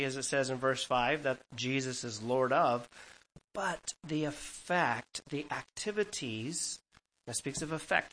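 With a fairly high voice, a man in his fifties preaches an animated, conversational sermon teaching the Bible to his congregation. He occasionally laughs at his own anecdotes, and the recording is rough.

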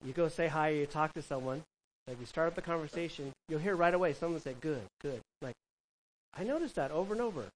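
A man's voice: on the high side, fast, a little hiss or hum, low-quality recording. Casual preaching man from California. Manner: conversational, asks the room questions, animated with quoted voices. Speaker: pastor. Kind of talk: sermon.

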